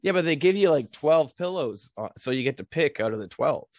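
A man's voice: on the high side, animated, a little fast, darkish tone, dry recording, clean studio sound. A man co-hosting a comedy podcast, teasing and incredulous in casual banter, often breaking into laughs. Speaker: podcast co-host.

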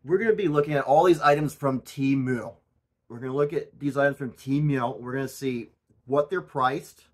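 A man hosting his own channel in a goofy, erratic comedic monologue, swinging from loud outbursts to mumbled asides. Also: mid-range voice, steady tone, normal speed. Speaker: channel host.

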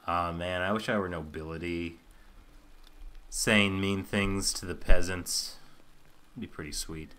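A man's voice: sits low, fairly even intonation, unhurried, long pauses, bright, forceful tone. A man hosting a gaming channel, giving wry joking commentary while he plays. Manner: wry, joking asides while reading game dialogue. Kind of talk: let's play commentary.

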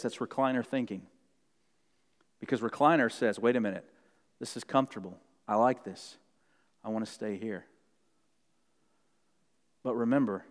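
A man preaching a sermon as pastor, earnest and repeating key lines for emphasis, heard in a church sanctuary. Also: darkish tone. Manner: earnest, repeats key phrases, shifts pitch for quotes. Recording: long hall reverb in a church.

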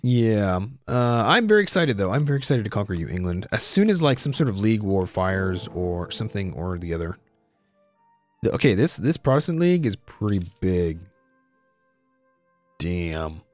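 A man's voice: mid-range voice, no echo. A young man giving casual let's-play commentary on a strategy game, thinking aloud, repeating himself and saying "dude".

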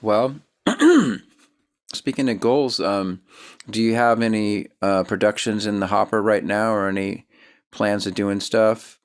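Low-voiced male interviewer. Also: takes it slowly. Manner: affirming, conversational, asks open questions. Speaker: podcast host, interviewer. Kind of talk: casual interview.

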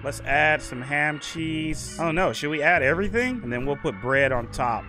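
An excitable young man talking through a game in casual commentary, in a fairly high voice. He reads the on-screen prompts aloud and yelps and whines when the game annoys him. Loud game music plays under his voice. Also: normal speed. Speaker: gaming YouTuber. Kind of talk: casual let's-play commentary.

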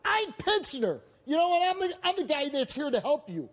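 A man with a fairly high voice hosts a confrontational talk show from a studio stage. He presses his guests hard, forceful and intense, hammering points home by repeating them. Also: big pitch swings, a little fast, noisy background.

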